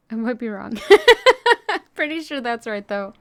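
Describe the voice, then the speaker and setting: A woman's voice: on the high side, fairly bright tone. An American woman streaming a video game, chatting with viewers in a playful, teasing way. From United States. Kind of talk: live-stream commentary.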